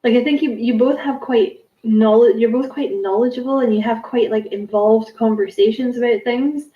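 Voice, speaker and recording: A woman's voice: on the high side, normal speed, roomy sound, phone-quality sound. A woman giving a casual spiritual card reading to camera, musing and rambling with many fillers and self-corrections. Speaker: tarot card reader.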